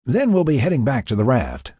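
A man's voice: mid-range voice, huge pitch swings, brisk, warm tone, slightly rough, no room sound, clean studio sound, pitched above the performer's own voice, exaggerated voice. A man doing a teasing, grinning young man. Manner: teasing, playful.

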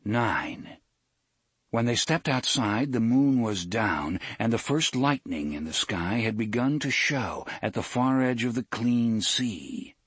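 Brief: male audiobook narrator, husky, expressive storytelling with animated pitch. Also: takes it slowly, no echo. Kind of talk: scripted narration.

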